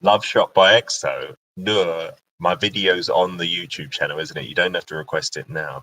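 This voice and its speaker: A young British man with a low voice hosts a relaxed live-stream Q&A from home, talking into his laptop webcam mic. His tone is bright and forceful as he reads out viewer comments and chats. Every so often he breaks off into a small aside to himself. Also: normal speed, low-quality recording. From Britain. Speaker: live-stream host and radio presenter. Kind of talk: casual live-stream Q&A chat.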